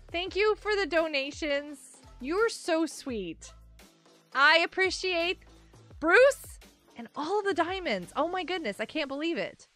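A woman's voice: high-pitched, fairly bright tone. A woman streamer chatting casually while playing a game live, giggly and greeting her viewers.

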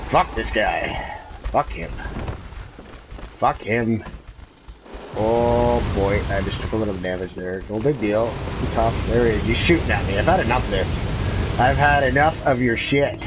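Swearing gamer, low voice. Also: male voice, measured pace, pauses often. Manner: profane, frustrated ranting. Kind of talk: gameplay commentary. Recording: clear background noise.

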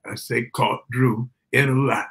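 An older man giving his son a birthday blessing in a halting, church-style speech that quotes scripture. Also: medium pitch, level tone, a bit bright. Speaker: father giving a birthday tribute.

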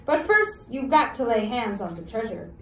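A scrappy, quick-witted boy, brisk and urgent in a storybook read-aloud, as a woman teacher puts him on. The voice sits a touch high and rings in an echoey room, heard from a distance. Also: very animated, a bit bright, slight background noise. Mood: scheming.

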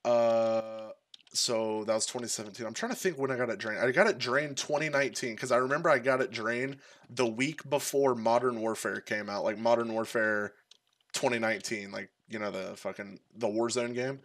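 A man's voice: medium pitch, fairly even intonation, normal speed, a bit bright, dry recording. Rambling young man telling a crude story. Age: young adult. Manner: rambling and crude, heavy on fillers like "like" and "bro". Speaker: streamer. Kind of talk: casual storytelling.

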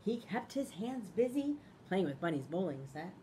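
In a school library, a woman principal reads a picture book aloud to children, expressive and stopping to ask them questions. Her voice is lowish, and there's a little hiss or hum in the recording.

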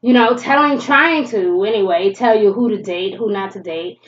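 A woman's voice: medium pitch, moderate pace, lo-fi sound. A woman giving a casual tarot reading, chatty and blunt, swearing freely and laughing often, with a stuffy nose from allergies. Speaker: tarot reader.

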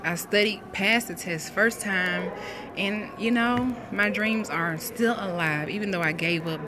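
A woman's voice: mid-range voice, background noise. A woman, talking to viewers on a livestream at her graduation and preaching about her faith. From Florida, USA. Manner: heartfelt, preachy, greets viewers by name. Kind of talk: emotional live broadcast talk. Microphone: phone livestream. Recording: music playing behind.

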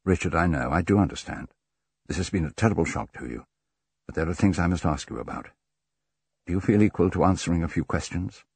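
A man reading a grave, deliberate doctor. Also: low-pitched, lively intonation, darkish tone, breathy edge, no echo. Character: stern middle-aged male country doctor. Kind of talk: audiobook character reading.

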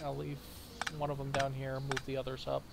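Flat-voiced American man thinking aloud. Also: mid-range voice, fairly quick, vocal fry, noisy background. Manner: methodical, thinks aloud with many fillers. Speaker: co-op game player. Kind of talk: casual gaming chat.

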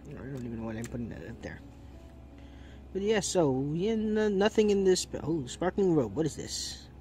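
A man with a slightly high, somewhat mellow voice has the hiccups while opening trading card packs. He gives chatty, casual unboxing commentary, thinking out loud and getting delighted easily.

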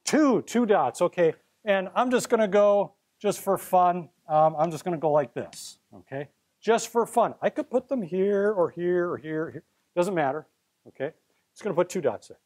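A man's voice: high voice, expressive, moderate pace, a little mellow. A middle-aged man teaching chemistry to a live class, playful and theatrical, coaxing students up to help him at the board. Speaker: chemistry professor.

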